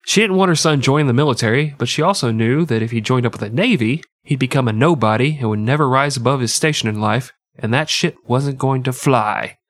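A man's voice: mid-range voice, brisk, few pauses, dry recording, clean studio sound. Nasal man telling crude history jokes. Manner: crude, joking, irreverent. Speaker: podcast co-host. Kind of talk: comic history storytelling.

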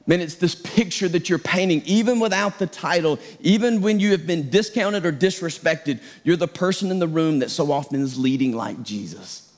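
High-voiced man preaching conversationally. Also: animated, normal speed. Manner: conversational, self-deprecating preaching with quoted asides. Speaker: pastor. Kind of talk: sermon.

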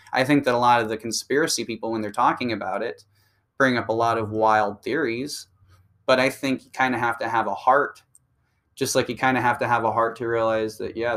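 A man's voice: medium pitch, fairly bright tone. A man delivering a profane, combative ranting monologue that speeds up when he gets heated. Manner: crude, combative, and provocative.

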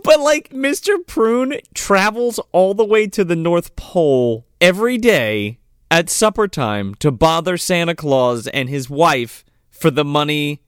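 A man riffs through a movie recap in casual chat, swearing and laughing and acting out scenes along the way. His voice sits fairly high and swings widely. The sound is dry and close. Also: lively intonation, a little slow, clear, resonant tone, no echo. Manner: profane, laughing, acts out scenes. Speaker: podcast co-host.

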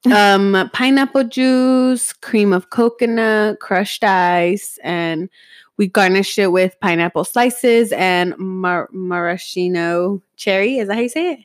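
A woman's voice: medium pitch, takes it slowly, no room sound, studio quality. A woman with a Mexican accent co-hosting a podcast, chatting loosely and trailing off mid-sentence. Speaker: podcast co-host. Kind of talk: casual chat.

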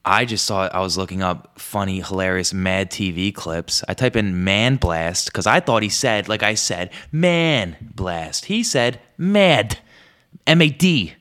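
A young man hosts a podcast of casual comedic storytelling, rambling and swearing a lot, his voice jumping high whenever he quotes himself. He's animated and a bit bright, keeping a measured pace on a podcast microphone.

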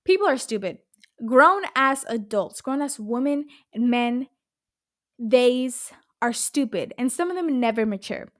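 A woman hosting her own podcast, talking casually in an animated, rambling way and swearing a lot. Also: fairly high pitch, a little slow, no room sound, studio quality. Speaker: podcast host. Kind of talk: casual solo podcast chat.

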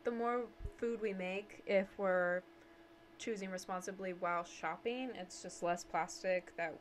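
A young woman co-hosting a podcast, chatting casually and telling animated stories with frequent laughter. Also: medium pitch, unhurried, a little hiss or hum. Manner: animated storyteller, laughs often. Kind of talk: casual chat.

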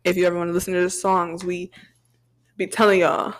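A young adult woman co-hosting a podcast in casual chat, slangy and quick to laugh. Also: on the low side, level tone. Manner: slangy, laughs often, talks over others. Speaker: podcast co-host.

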